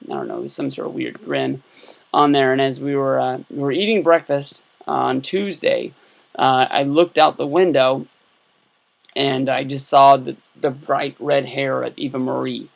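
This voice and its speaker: A man in his thirties recaps his trip for his vlog in a loose, unscripted way. His voice has a heavy gravelly rasp at a middling pitch. He keeps circling back with fillers and restarts. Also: expressive, measured pace. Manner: rambling, many fillers and restarts. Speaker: YouTube vlogger. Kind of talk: casual storytelling vlog.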